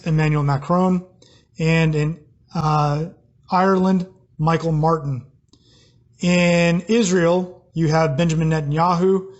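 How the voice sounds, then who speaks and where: A man's voice: on the high side, highs cut off. An American man giving a recorded class lecture, explaining plainly with fillers and restarts. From United States. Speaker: teacher.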